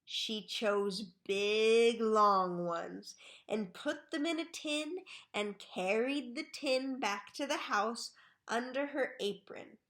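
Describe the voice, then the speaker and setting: Slow, bright woman reading a story. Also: fairly high pitch, expressive. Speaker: reader of a children's book.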